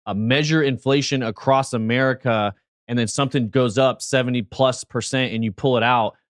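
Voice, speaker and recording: A man's voice: medium pitch, steady tone, moderate pace, no room sound, studio quality. A man co-hosting a casual crypto livestream, talking through prices and quizzing the chat. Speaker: crypto show co-host.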